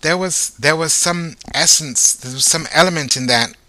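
A man teaching Torah in a lively way, asking his listeners rhetorical questions. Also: a little high, moderate pace, no echo. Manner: animated, asks rhetorical questions.

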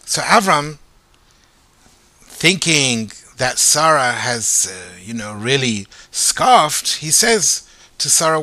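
A man teaching Torah in a lively way, asking his listeners rhetorical questions. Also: medium pitch, slow, dry recording. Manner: animated, asks rhetorical questions.

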